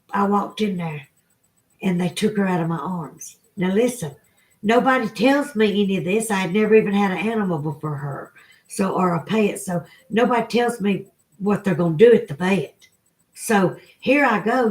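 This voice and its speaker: A woman's voice: medium pitch, a little mellow. A middle-aged woman with a Southern accent, chatting to her livestream viewers and telling an emotional personal story. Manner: emotional storytelling, tearful at times. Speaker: livestream host. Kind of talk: casual chat to viewers.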